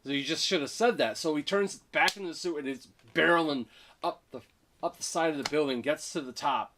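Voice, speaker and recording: A man's voice: on the high side, slight background noise. A man co-hosting a casual movie review, eagerly retelling scenes and acting out the characters' lines. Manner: excited retelling, acting out lines with quick voice switches.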